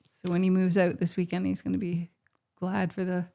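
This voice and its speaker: A middle-aged woman co-hosting a casual home podcast, agreeable and quick to laugh. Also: completely flat delivery, vocal fry, dark tone. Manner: agreeable, laughing, low-key. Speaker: podcast co-host.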